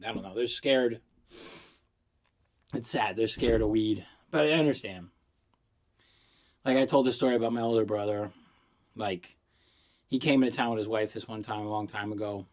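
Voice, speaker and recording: Man, high, rambling vlog talk, giggly, profane, loose storytelling. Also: normal speed, long pauses, a little mellow. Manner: profane storytelling with acted quotes. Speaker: vlogger reviewing vapes. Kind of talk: rambling casual monologue.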